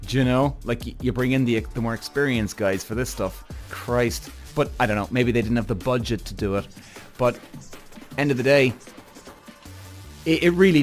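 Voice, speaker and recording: A man hosting a podcast, reacting to a TV show in an excitable way, swearing freely and jumping up and down in pitch. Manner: excitable, profane, big pitch swings. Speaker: podcast host. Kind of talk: TV reaction commentary.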